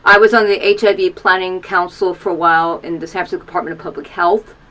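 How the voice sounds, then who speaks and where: A woman in her fifties gives an earnest personal testimony to camera in a small video booth. She urges listeners with repeated calls to action and is openly emotional, her voice sinking low at times. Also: flat delivery, fast, pushed and bright, low-quality recording. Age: 50s. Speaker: storyteller sharing an HIV testimony.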